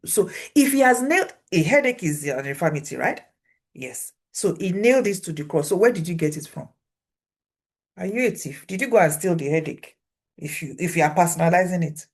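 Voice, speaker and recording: A woman preaching a sermon, animated, repeating phrases for emphasis and swinging her pitch widely as she acts out voices. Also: fairly quick, husky.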